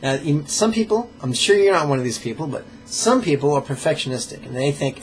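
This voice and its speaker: A man leading a pronunciation drill as a meditation teacher, playful and joking, sounding out syllables slowly and carefully. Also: fairly high pitch, expressive, soft background music. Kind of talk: pronunciation drill in a live lesson.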